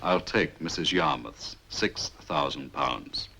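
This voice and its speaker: A man's voice: extremely low pitch, slow pace, creaky, bright, forceful tone, a little hiss or hum, low-quality recording. A man acting in a 1960s television drama, suave and ironic, with a theatrical turn of phrase. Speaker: gentleman adventurer.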